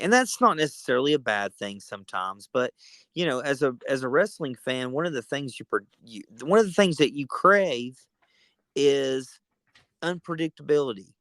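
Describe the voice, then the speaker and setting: A tired man co-hosting a podcast, chatting casually with excitable, teasing banter. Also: mid-range voice, normal speed, dry recording. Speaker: podcast co-host. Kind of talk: casual chat.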